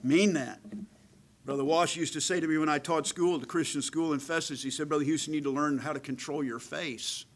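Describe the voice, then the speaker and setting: A middle-aged man preaches a sermon in a voice pitched a little high. He leans hard into his points and asks for amens from the congregation. At other moments he drops to a soft, serious near-whisper. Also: steady tone, brisk, low-quality recording. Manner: swings from loud emphatic preaching to hushed near-whisper; calls out "amen" to the congregation. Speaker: pastor.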